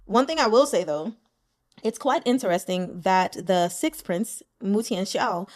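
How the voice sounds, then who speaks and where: A woman in a casual chat after reading web novel chapters aloud. She is playful and giggly, addressing the characters directly. Her voice sits at an ordinary middle pitch. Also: animated, a little slow. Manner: chatty, playful, laughs often, talks to characters directly. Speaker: web novel audiobook reader.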